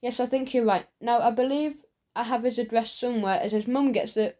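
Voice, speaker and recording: A woman's voice: a little high, fairly quick, dark tone, close to an everyday voice. A woman reading an audiobook, voicing a kind, chatty, scatterbrained middle-aged male shopkeeper. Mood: kindly. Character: kindly cheerful male newsagent, middle-aged.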